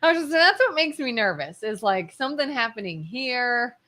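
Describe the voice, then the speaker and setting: A woman co-hosts a local talk radio show in a chatty, casual way. Her voice is high, bright and very lively in pitch. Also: normal speed. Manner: chatty, laughs easily, agreeing backchannels. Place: radio studio.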